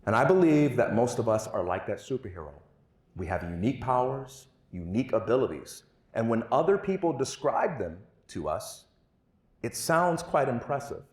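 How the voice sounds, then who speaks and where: A man's voice: mid-range voice, moderate pace. A man telling a story and speaking at a conference on a stage mic in a hall. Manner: storytelling, animated. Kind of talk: storytelling keynote talk. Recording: roomy hall echo.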